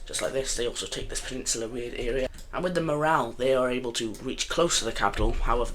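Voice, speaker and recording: A young man with a bright, forceful, mid-range voice casually narrates an alternate-history map game. He rambles, chats and jokes throughout, often catching and correcting himself mid-sentence.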